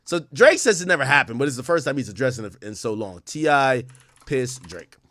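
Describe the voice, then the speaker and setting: A young adult man hosting a live stream, reacting loudly to gossip with profane, animated commentary and frequent laughter. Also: mid-range voice, fairly quick, no room sound. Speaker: streamer host.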